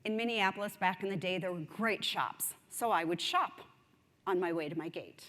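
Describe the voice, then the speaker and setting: A woman giving a conference speech, telling a story in an animated, self-mocking way. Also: lowish voice, moderate pace. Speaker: conference speaker. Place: large conference hall. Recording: long hall reverb.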